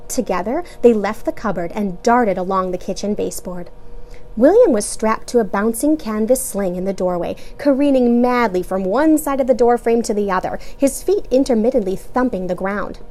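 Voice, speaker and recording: A woman teacher reading a children's novel aloud in an expressive way. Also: mid-range voice, normal speed, slight background noise. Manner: expressive, animated read-aloud.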